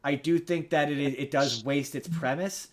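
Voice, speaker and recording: A man's voice: a little high, steady tone, moderate pace. A young adult man hosting a podcast, casually recapping a movie plot in a rambling way. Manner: rambling, many restarts and fillers. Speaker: podcast host.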